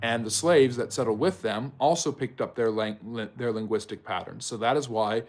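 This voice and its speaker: A man's voice: medium pitch, moderate pace, darkish tone. A man hosts a live history stream, speaking in a mid-range voice. He answers chat questions one by one, addressing viewers by name. His long explanations are dotted with ums and mid-sentence restarts. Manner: explains at length, with frequent ums and self-corrections. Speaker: history channel host.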